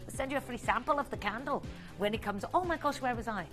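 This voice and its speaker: A woman's voice: fairly high pitch, quick pace, a bit bright, faint music behind. A woman presenting a live TV shopping sale, bubbly and chatty, often repeating her phrases. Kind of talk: live TV sales pitch.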